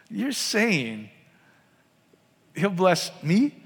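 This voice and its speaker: A man's voice: a little high, normal speed, long reverb tail. A man preaching a sermon in a casual, conversational way, often checking in with his listeners by asking them questions. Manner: conversational, asks the congregation frequent questions.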